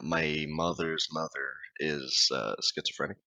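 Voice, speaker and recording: A man's voice: rumbling low, fairly even intonation, a little slow, pushed and bright, no echo. A man joking and trading stories as a guest on a casual podcast, often laughing. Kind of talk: casual chat.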